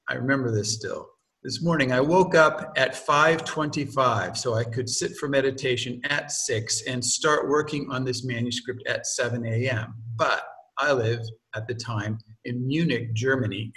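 A man's voice: medium pitch, a bit bright. A man reading aloud from his own book, stopping often for loose, joking asides and homely examples. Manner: digressive, stops to explain with homely examples and jokes. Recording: voice from a distance from the mic.

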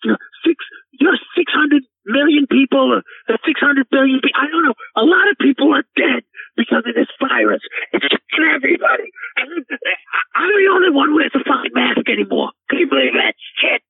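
A man's voice: very high voice, lively intonation, a little fast, creaky, dry recording, exaggerated voice. A man playing a frantic, cursing, tearful caller to a radio show, who rambles and stammers. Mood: ranting. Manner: swearing, rambling, stammering, breaking into sobs. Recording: tinny phone line.

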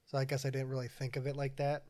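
A man's voice: medium pitch, quick pace. A young man co-hosting a casual podcast, telling stories with lots of laughter and acted-out quotes. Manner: animated storyteller, laughs often, acts out movie lines. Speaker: podcast co-host. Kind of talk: casual chat.

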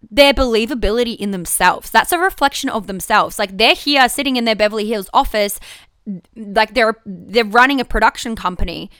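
Bright, clear-voiced woman talking frankly. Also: a little high, no room sound, studio quality. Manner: candid, frank and swearing, with many restarts. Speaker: podcast host. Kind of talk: casual solo podcast talk.

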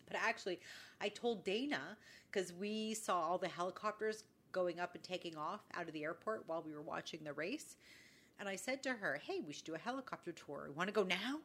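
Lowish and a bit bright, this podcast co-host's voice runs a little fast. She chats casually and performs the quoted dialogue while telling a story.

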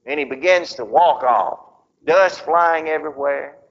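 A man preaching a sermon, telling a story with dramatic pauses, on a dull lo-fi recording. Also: a little high, gravelly.

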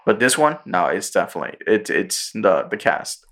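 A man's voice: lowish voice, big pitch swings, moderate pace, fairly bright tone. A man hosting a podcast in a casual chat, retelling a show with swearing and putting on voices for its characters. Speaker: podcast host.

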